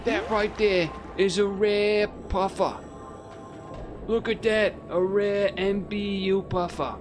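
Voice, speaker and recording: A man doing an exaggerated Australian accent, playing an exuberant male wildlife presenter who marvels loudly at fish, over game music. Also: sits high, steady tone, slow, pitched above the performer's own voice. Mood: marvelling. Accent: put-on exaggerated Australian. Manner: loud, gushing, marvelling at fish.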